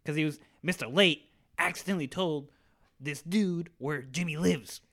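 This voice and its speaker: Animated young man telling a profane story. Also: a little high, moderate pace. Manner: animated, profane, acts out quoted voices. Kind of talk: casual storytelling.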